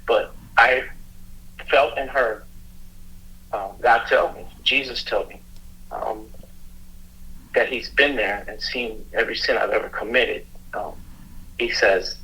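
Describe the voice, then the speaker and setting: A middle-aged man, a police officer, telling a personal story in a halting, earnest way, often restarting his sentences. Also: medium pitch, bright, forceful tone, rough recording. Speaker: police officer and youth mentor, guest.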